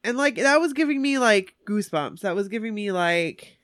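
A woman telling a concert story in animated, gushing casual chat. Her voice sits at a middle pitch and sounds dry and close, with no room around it. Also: moderate pace, dry recording.

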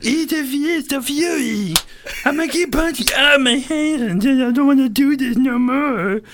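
Brief: man putting on a higher-pitched creepy unhinged loner, crude rambling threats. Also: measured pace, a bit bright, slight background noise, heavily acted. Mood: ranting.

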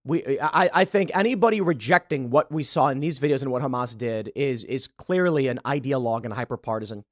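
A man's voice: mid-range voice, a little fast, dry recording, studio quality. A man hosting a podcast, giving heated, emphatic political commentary and stumbling over repeated words when worked up. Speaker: podcast host.

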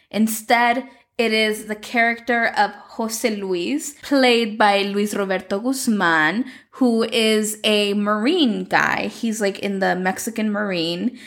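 Young woman, casual chatty recap, fry at the ends of phrases, mid-pitched, lots of filler "like". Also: a bit bright. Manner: chatty, lots of "like", retells the dialogue. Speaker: telenovela recapper.

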